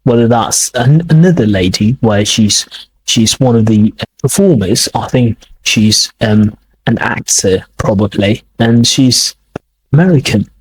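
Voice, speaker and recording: A man hosting an English podcast lesson, explaining slowly and repeating words to model their pronunciation. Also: mid-range voice, slight background noise, poor audio. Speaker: English teacher, podcast host. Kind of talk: accent lesson commentary.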